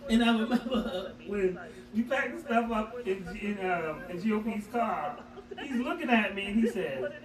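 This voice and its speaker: A man's voice: high voice, normal speed, roomy sound, recorded from a distance, crowd noise, poor audio. A man co-hosting a radio talk show, telling profane stories with laughter. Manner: animated, profane storytelling with laughter. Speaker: radio show co-host and engineer. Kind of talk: casual storytelling chat.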